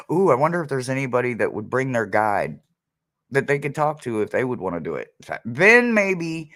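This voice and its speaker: A man's voice: medium pitch, very animated, normal speed, long pauses, a bit bright. A man hosting a casual livestream as a psychic medium, chatty and laughing often as he talks to his viewers.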